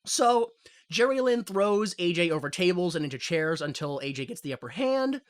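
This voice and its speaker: A man casually recapping an old wrestling show on a podcast, laughing often and acting out quotes in a loud squeaky voice. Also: expressive, normal speed.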